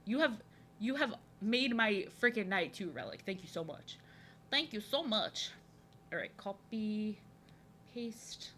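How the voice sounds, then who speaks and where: A young woman chatting casually on a live stream while she draws, rambling and thinking aloud in an excitable way. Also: medium pitch, unhurried, a little hiss or hum.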